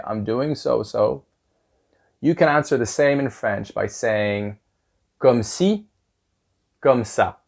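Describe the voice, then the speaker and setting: A man with a gravelly mid-range voice teaches a language lesson on a podcast he hosts. He's upbeat, repeating phrases with exaggerated rising intonation.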